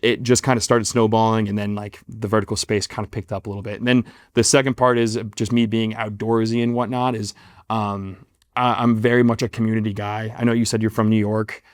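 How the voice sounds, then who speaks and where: Man, twenties, low voice, flat delivery, rambling, self-deprecating, dry studio mic. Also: fairly quick, dry recording. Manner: rambling, self-deprecating, many fillers and restarts. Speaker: guest actor. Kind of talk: casual interview storytelling.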